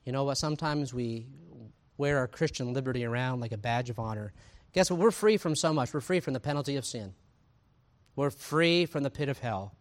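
A man, preaching a sermon in a conversational, animated way, full of asides and rhetorical questions. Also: mid-range voice, fairly quick. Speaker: pastor.

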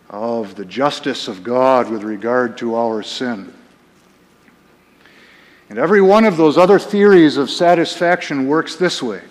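A man preaching a sermon as pastor, emphatic, swinging between quiet and raised passages. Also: medium pitch, in a large hall.

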